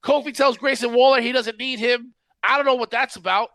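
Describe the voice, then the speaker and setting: A man's voice: very high voice, steady tone, fairly quick, fairly bright tone, no echo, studio quality. A man hosting a casual wrestling podcast, ranting in an exasperated tone and laughing often. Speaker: podcast host.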